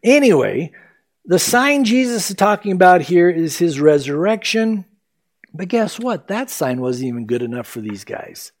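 A man preaching with a high, bright voice that swings widely up and down. He tells Bible stories with animated delivery, acting out what each figure says. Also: moderate pace. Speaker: pastor. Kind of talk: sermon.

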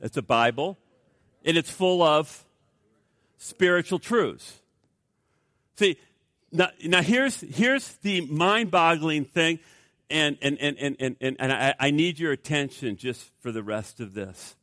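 Male pastor, lively swooping high voice, dry close sound, emphatic sermon with many restarts. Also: slow pace, no room sound. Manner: emphatic, repetitive, stammering restarts, acts out quoted people. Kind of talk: animated sermon.

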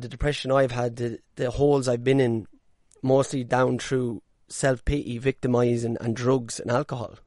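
A man's voice: mid-range voice, darkish tone, no echo, studio quality. A man hosting a casual monologue podcast from a caravan, talking bluntly, swearing freely and now and then mocking people in put-on voices. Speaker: podcast host.

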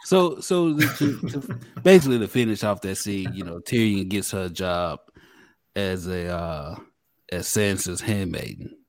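A man's voice: low-pitched, lively intonation, a little slow, darkish tone. A man hosting a casual recap podcast, joking and stumbling over repeated words as he starts sentences. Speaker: podcast host. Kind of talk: casual chat.

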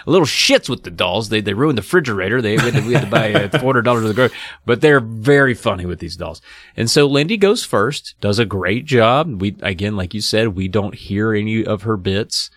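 A man co-hosting a podcast, retelling a story in a lively, animated way and reading a book passage aloud. His pitch swings widely as he slips into high voices for the characters. The sound is close and dry, with no room around it. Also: fairly quick, no room sound. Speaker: podcast co-host. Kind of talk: casual podcast recap with dramatic reading.

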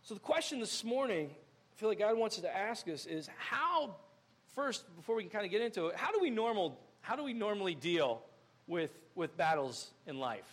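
A young male pastor preaching a sermon in a church, animated and acting out scenes with sudden loud outbursts. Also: high-pitched, moderate pace.

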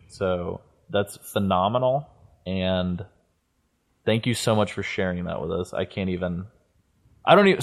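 A man with a somewhat low voice hosts a loose, joking podcast chat. He teases his co-hosts, apologizes in a mock-serious way and swears casually. He also reads listener messages aloud. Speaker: podcast host.

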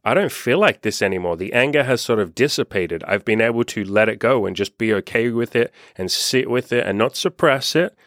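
A man's voice: mid-range voice, expressive, a little fast, hardly any pauses, fairly bright tone, no echo, clean studio sound. A young man coaching on dating, talking candidly and casually, acting out quoted texts and swearing freely. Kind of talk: casual monologue to camera.

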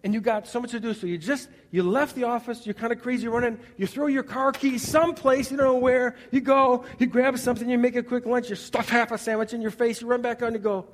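Animated preacher in a big hall. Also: male voice, extremely high pitch, fast, hardly any pauses. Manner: animated, acts out scenes, swings from loud to quiet. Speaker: pastor. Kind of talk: sermon. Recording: long reverb of a large hall.

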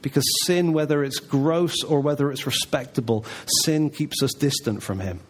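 A man's voice: on the high side, moderate pace, a little hiss or hum. A man preaching a sermon in a church, talking in a conversational, emphatic way. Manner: conversational, emphatic, voices God's replies softly.

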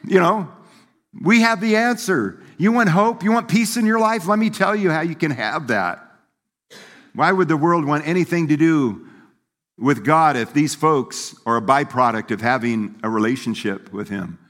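A man's voice: a little high, expressive, moderate pace, fairly bright tone. A man preaching a sermon as pastor, in a folksy, conversational way, laughing and acting out quoted voices. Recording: long hall reverb.

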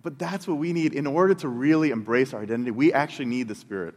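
A man's voice: mid-range voice, fast talker, darkish tone. Earnest male pastor preaching in a reverberant hall. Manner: earnest, repeats words while building a point. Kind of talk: sermon. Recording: long reverb of a large hall.

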